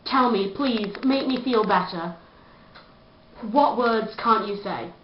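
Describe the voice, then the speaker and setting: A woman's voice: a little high, slow, a little hiss or hum. A woman, vlogging a chatty, self-mocking rant to camera. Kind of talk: casual comedic rant to camera. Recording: dull lo-fi echoey room sound.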